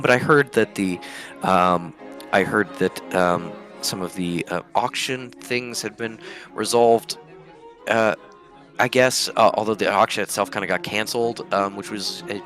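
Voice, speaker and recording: A man voicing a nervous, flustered woman in a tabletop game, stammering and halting as he talks. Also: fairly low pitch, a bit bright.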